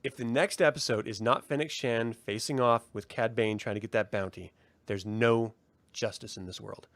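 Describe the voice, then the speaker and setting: A man co-hosting a casual review podcast, talking in an animated way, swearing and mocking in impressions. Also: mid-range voice, moderate pace, no echo. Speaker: podcast co-host.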